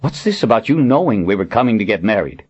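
A man's voice: lowish voice, sing-song, fast talker, slightly rough, lo-fi sound, pitched above the performer's own voice. A man voicing an earnest, eager young man in a slightly raised voice.

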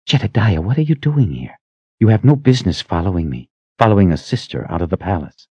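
A man reading an audiobook voices a young sorceress in hushed, urgent whispers, stern and protective toward her student. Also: low voice, expressive, brisk, husky, dry recording, dull audio. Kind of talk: audiobook character voice.

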